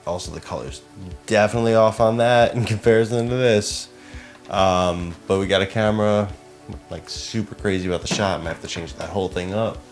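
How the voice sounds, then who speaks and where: A man's voice: fairly low pitch, a little fast, faint music behind. A young man talking casually and self-deprecatingly to himself as he sets up lights and cameras in a small apartment. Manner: chatty, self-deprecating, muttering to himself while working. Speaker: podcast co-host making a behind-the-scenes video. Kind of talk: casual behind-the-scenes vlog. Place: small apartment set up as a studio.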